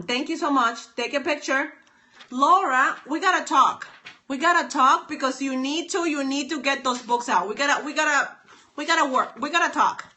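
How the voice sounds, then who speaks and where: Bright-voiced woman on a phone livestream, kinda high, upbeat, keeps repeating stuff to viewers. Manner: upbeat, repeats herself, addresses viewers by name. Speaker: stylist and author hosting a livestream. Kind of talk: live-stream chat with viewers.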